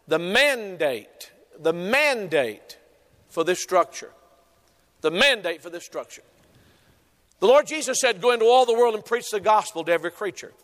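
Man, high-pitched, preaching, slow emphatic cadence, reverberant hall. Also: a bit bright. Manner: deliberate preaching cadence, quotes scripture. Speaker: pastor. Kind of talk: sermon.

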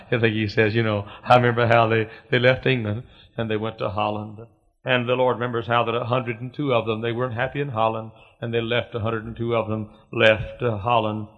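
A middle-aged man preaching a sermon as pastor, moving between quiet storytelling and loud fervent cries. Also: on the low side, flat delivery, fairly quick. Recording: dull lo-fi sermon recording.

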